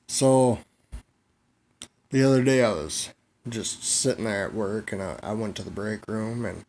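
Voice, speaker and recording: A man's voice: lowish voice, a little hiss or hum. A man vlogging a crude comedic monologue, rambling, swearing freely and laughing at his own jokes.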